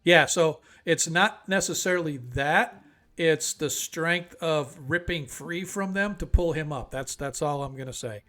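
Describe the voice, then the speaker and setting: A man's voice: fairly high pitch, unhurried, pushed and bright. A man running a tabletop role-playing game as game master, easygoing and rambling with frequent fillers, over an online voice call.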